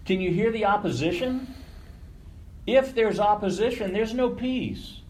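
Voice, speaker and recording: A man's voice: high voice, unhurried, darkish tone, a little hiss or hum, poor audio. A man leading a group session in a casual teaching talk, conversational, swearing freely and often checking in with his listeners. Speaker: workshop leader.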